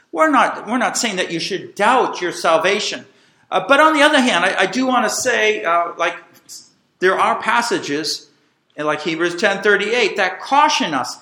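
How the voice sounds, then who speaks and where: A middle-aged man delivers a sermon as pastor, his voice high and bright. He preaches with animated, emphatic swings and draws the congregation into call-and-response. The room around him rings with echo. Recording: echoey room.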